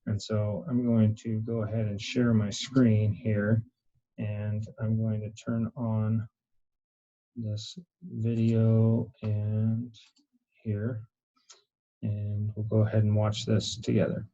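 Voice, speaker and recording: A man teaching an online class, speaking hesitantly with many filler pauses. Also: on the low side, completely flat delivery, mellow, muffled recording. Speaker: course instructor.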